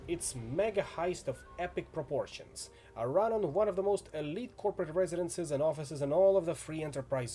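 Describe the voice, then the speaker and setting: A man playing Jomo, a booming excitable fixer. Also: natural voice.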